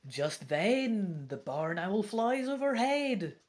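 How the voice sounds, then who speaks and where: A woman's voice: medium pitch, very animated, measured pace. Chatty Scottish woman reading a gamebook. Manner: chatty and wry, casual swearing. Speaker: gamebook reader. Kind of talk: reading a gamebook aloud with commentary.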